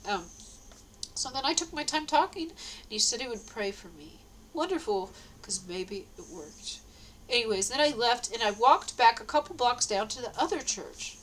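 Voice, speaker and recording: A woman's voice: on the high side, animated, normal speed, a bit bright, a little hiss or hum, poor audio. A woman talking straight to the camera in a casual, rambling monologue, repeating herself and laughing between lines. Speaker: vlogger.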